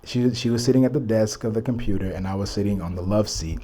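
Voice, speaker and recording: A man's voice: on the low side, fast talker, dark tone. A young man from Texas telling a personal story to camera, earnest and reflective, full of "you know" and "like". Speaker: vlogger.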